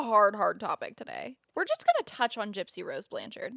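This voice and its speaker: A young American woman co-hosting a podcast, chatty and teasing, laughing loudly. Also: mid-range voice, wildly swooping pitch, a little fast, creaky, no room sound, studio quality. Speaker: podcast co-host. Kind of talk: casual chat.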